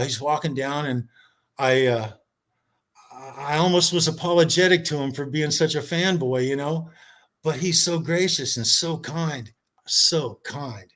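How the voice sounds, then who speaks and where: A man telling a long anecdote as a podcast guest, animated and acting out quoted dialogue, over a video call. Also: fairly high pitch, moderate pace. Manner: animated storyteller, acts out quoted voices. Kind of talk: casual storytelling chat.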